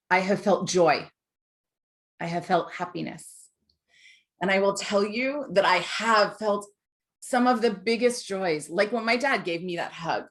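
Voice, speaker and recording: A woman in her forties giving a heartfelt, emphatic talk on mental health to an online audience over a video call. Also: lowish voice. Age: 40s. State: tearful at times. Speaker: guest speaker on mental health.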